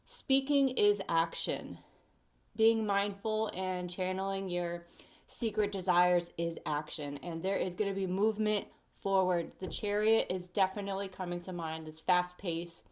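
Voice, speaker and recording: A woman at home giving a casual tarot reading to her viewers, chatty and animated, talking straight to the listener. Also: medium pitch, a little slow. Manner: sings snatches of songs and talks to bugs. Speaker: tarot reader. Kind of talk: casual weekly energy reading.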